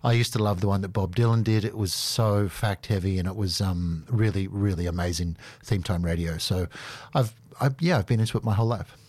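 A man's voice: sits low, fairly quick, darkish tone, no echo. A man answering questions as a guest in a radio studio, earnest and enthusiastic. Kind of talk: interview answers.

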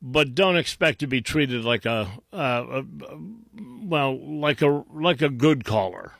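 A man's voice: mid-range voice, lively intonation, slow pace, gravelly, fairly bright tone, no echo, studio quality. A man hosting a talk radio show, mocking and sarcastic, often restarting his sentences. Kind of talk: combative talk radio commentary.

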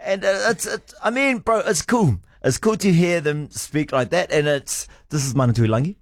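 Lively playful radio host, a man. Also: on the high side, moderate pace, no echo, clean studio sound. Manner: playful, joking, animated. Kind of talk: casual on-air banter.

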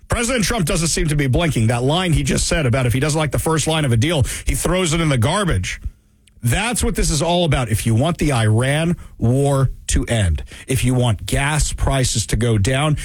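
A man's voice: mid-range voice, expressive, moderate pace, slightly rough, no echo. A man hosting a political commentary show, delivering an emphatic opinion monologue full of rhetorical questions. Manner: emphatic, rhetorical questions, mocking quoted voices.

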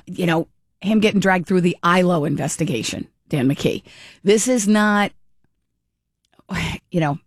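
A middle-aged woman rants through her commentary as a talk host, restarting her sentences and acting out other people in mocking asides. Her voice sits on the low side. The sound is dry and close. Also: no room sound. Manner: animated, exasperated, with frequent restarts and mock quoting. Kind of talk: opinionated casual commentary.

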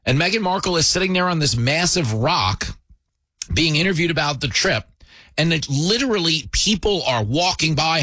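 Male comedy host, satirical monologue, sarcastic, bright edge, husky. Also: a little high, no echo. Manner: sarcastic, mocking.

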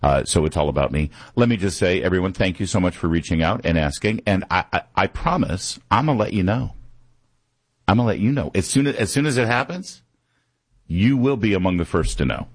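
A man in his fifties hosts a morning radio talk show, his voice deep and low. He rambles easily, full of fillers and restarts, into a studio mic with a dry, close sound. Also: animated, fairly quick, dry recording. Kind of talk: conversational radio monologue. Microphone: studio microphone.

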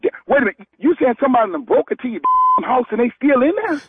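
A man on a phone call, loud and exasperated, swearing as he argues. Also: very high-pitched, lively intonation, fast talker, breathy edge, no echo. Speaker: prank call target. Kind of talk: phone conversation.

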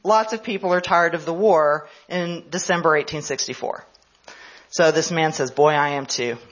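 Woman, history professor, storytelling lecture, lower voice, muffled lo-fi sound. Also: moderate pace. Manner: storytelling, conversational. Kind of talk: conference lecture.

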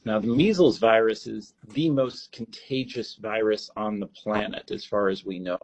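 A man with a low, slightly husky voice explains disease spread in a measured, patient way. The interview audio is dull and lo-fi. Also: a little mellow. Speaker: state epidemiologist. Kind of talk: interview answers.

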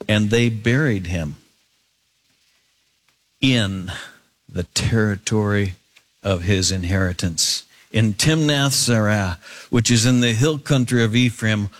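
A man teaching a sermon, reading scripture aloud and stopping to comment with emphatic rises and hushed drops. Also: on the low side. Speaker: pastor.

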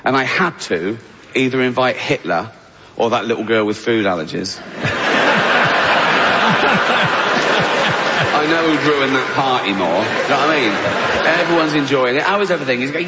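A man's voice: medium pitch, expressive, unhurried, pauses often, big-room sound, very noisy. Brash male stand-up comic. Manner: brash storytelling, acting out characters. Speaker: stand-up comedian. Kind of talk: stand-up routine. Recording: dull clip with loud crowd ambience.

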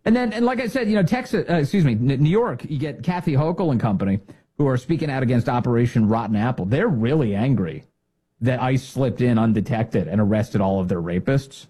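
Male talk host, mocking monologue, lively pitch, dark slightly husky tone. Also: a little fast. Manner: sarcastic, mocking, animated. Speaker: political talk show host. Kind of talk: opinionated monologue.

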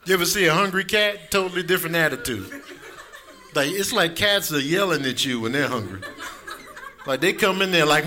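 A man's voice: expressive, brisk, noisy background. A man doing a stand-up set in a club with a laid-back delivery. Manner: laid-back, drifting into high-pitched animal voices. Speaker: stand-up comedian.

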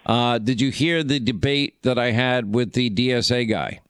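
A man's voice: medium pitch, moderate pace, fairly bright tone, clean tone, dry recording. A man hosting a call-in radio show, chatting with callers in an affable, teasing way. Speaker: radio talk show host.

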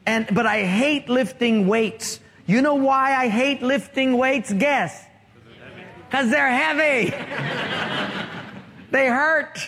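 A man's voice: very high voice, fairly bright tone. A male pastor preaching a sermon, asking rhetorical questions and drawing call-and-response from the congregation. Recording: long reverb of a large hall.

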